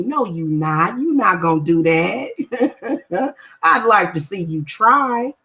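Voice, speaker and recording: A woman's voice: fairly high pitch, big pitch swings, slow pace, sharp tone. Emphatic woman spiritual vlogger. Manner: emphatic, confrontational, repeats points for stress. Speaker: spiritual practitioner and reader. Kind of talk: casual livestream talk to viewers.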